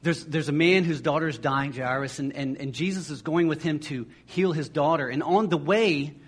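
Male pastor, husky and fairly high, chatty sermon that stumbles and restarts, acts out the voices in his stories. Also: normal speed. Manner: conversational, repeats words as he restarts phrases.

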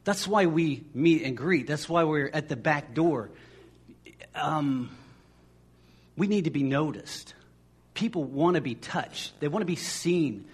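A man's voice: on the high side, expressive, slow, long pauses, husky. A man preaching a sermon as pastor, in a conversational way, often repeating words as he restarts a phrase and acting out the voices of people in the stories.

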